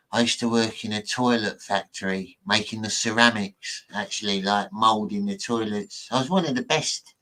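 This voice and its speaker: A man's voice: mid-range voice, sharp tone, poor audio. A man chatting casually and rambling into a desk mic, joking and bragging as he reacts to clips. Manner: rambling, jokey and boastful. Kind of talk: casual chat.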